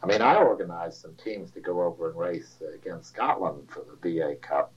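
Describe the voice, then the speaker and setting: A man's voice: deep voice, expressive, normal speed, husky. An older man casually reminiscing about sailing days, rambling and chuckling as he tells stories. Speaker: interviewee. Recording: dull lo-fi recording.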